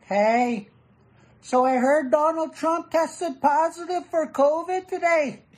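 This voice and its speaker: A woman putting on a deadpan Canadian man from a clip, with an exaggerated accent. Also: high-pitched, slow pace, voice pushed up.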